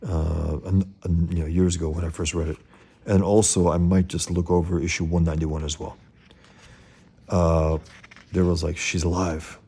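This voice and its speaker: Deep gravelly-voiced man reviewing comics. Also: little pitch movement, normal speed, warm tone. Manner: hesitant, with many fillers and restarts. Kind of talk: casual comic commentary.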